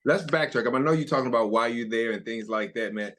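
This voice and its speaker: Laid back guy cohost, talks fast, says man a lot. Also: mid-range voice, fairly bright tone. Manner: easygoing, says "man" often. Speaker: podcast co-host, former pro basketball player. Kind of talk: casual interview talk.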